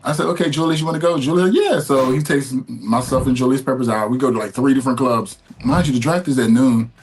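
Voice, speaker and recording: A man in his thirties, a former player, telling an animated story in an interview and acting out quotes with laughs. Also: medium pitch, quick pace, faint music behind.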